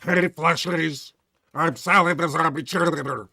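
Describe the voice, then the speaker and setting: A man's voice: fairly high pitch, steady tone, a little slow, creaky, no echo, clean studio sound, voice pushed up, exaggerated voice. A man putting on a gargly underwater voice as a zombie cheerleader, vibrating the back of his tongue. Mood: gargling playful. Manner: loud, throaty, playful.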